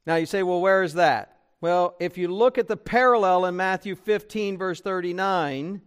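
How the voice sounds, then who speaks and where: A man delivering a sermon as a pastor, his voice pitched high and notably smooth and clear. He preaches conversationally, throwing rhetorical questions to his listeners. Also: normal speed. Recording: church broadcast recording.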